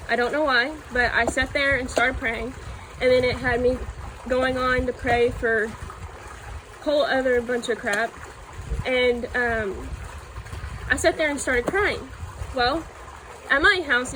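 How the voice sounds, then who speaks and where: A woman from Missouri giving an earnest, halting personal testimony about her faith. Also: a little high, fairly bright tone, slight background noise, low-quality recording. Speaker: church youth member giving testimony.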